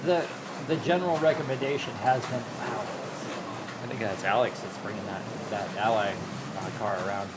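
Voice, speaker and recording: A man hosting a casual live stream, talking in a relaxed, rambling way with many fillers and restarts. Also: on the low side, normal speed, heavy background noise. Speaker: host.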